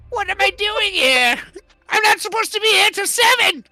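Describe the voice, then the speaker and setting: A squealing panicked kobold. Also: male voice, extremely high pitch, lively intonation, measured pace, pushed and bright, dry recording, pitched above the performer's own voice, heavily acted. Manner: squealing, flustered. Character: panicked small male kobold.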